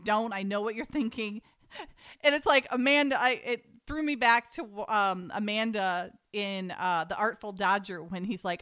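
A woman's voice: medium pitch, normal speed, a bit bright, clear, resonant tone. A woman hosting a casual talk show, chatty and amused, recapping a script and reading its dialogue aloud. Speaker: podcast host.

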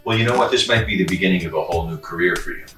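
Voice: low voice, lively intonation, very fast, over music. A family member joking around and handing over the podcast microphone. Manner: teasing, playful. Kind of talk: casual banter. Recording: echoey room with noise.

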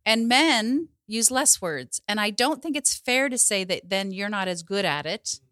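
Woman psychologist guest, calm encouraging advice, mid voice, dry close sound. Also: mid-range voice, no room sound. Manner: warm, encouraging, measured. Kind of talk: advice in conversation.

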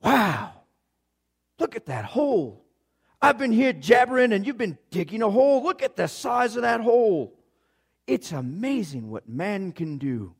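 A man's voice: high-pitched, unhurried, vocal fry, slightly rough, pitched above the performer's own voice, exaggerated voice. A man voicing an enthusiastic, chatty older man with a strong accent who talks on and on. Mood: boastful. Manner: excited, gushing, talks on and on.

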